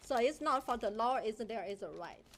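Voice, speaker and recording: A woman with a Chinese accent speaks at a council podium, her voice set high. She is indignant and accusing, and her English is halting and broken. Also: animated. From China. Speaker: public commenter. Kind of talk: public comment at a council meeting. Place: council chamber.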